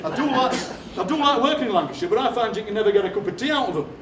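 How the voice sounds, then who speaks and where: A middle-aged man with a Barnsley Yorkshire accent telling quick, jokey stories to a live audience as a performance poet. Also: high-pitched, lively intonation, a crowd in the background. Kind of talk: comic storytelling on stage. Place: theatre stage before a live audience. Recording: roomy, distant theatre recording with noise.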